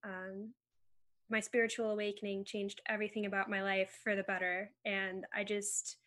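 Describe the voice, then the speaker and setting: A woman's voice: medium pitch, little pitch movement, moderate pace, fairly bright tone. A woman speaking as a panel guest, sharing heartfelt, gushing gratitude over a video call.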